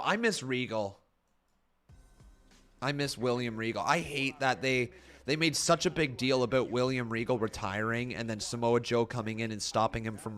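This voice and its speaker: A man's voice: mid-range voice, sharp tone. A man casually reacting to wrestling on a live stream, reading chat messages aloud and rambling with frequent laughs. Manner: joking, laughs often.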